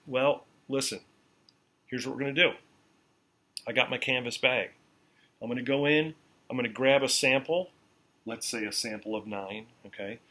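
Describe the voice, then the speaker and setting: Male college lecturer, bright tone, mid pitch, casual and repetitive, checks understanding often. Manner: repeats key points slowly, frequent "okay?" check-ins; casual, conversational explaining. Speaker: university lecturer. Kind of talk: classroom lecture.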